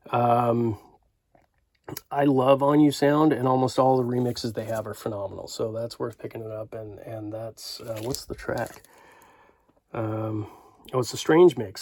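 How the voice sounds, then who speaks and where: A man's voice: mid-range voice, darkish tone. Rambling enthusiastic middle-aged man. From Canada. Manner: rambling, enthusiastic, many fillers. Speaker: record collector vlogger. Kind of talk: casual vlog.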